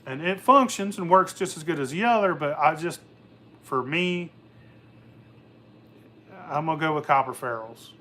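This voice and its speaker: Brief: young male vlogger, profane and rambling, bright raised voice. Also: a little high, normal speed, long pauses. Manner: profane, rambling, laughs often. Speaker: moonshine channel host. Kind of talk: casual workshop vlog.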